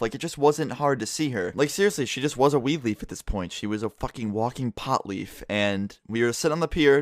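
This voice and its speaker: Young guy doing a storytime vlog, cussing nonstop, rapid fire, dry sound. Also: medium pitch, no echo. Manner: casual, swears constantly. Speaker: vlogger and streamer.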